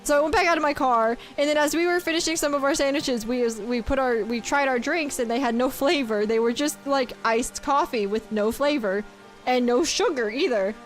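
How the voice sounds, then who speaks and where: A woman's voice: high-pitched, fairly quick, soft background music. A woman streaming a game, chatting casually and giggling as she reads chat aloud.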